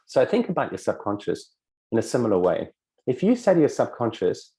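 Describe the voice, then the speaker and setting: A man with a low, mellow voice teaches in a relaxed, conversational way. He acts out small dialogues in shifting voices and swears casually now and then. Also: brisk. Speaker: self-help coach.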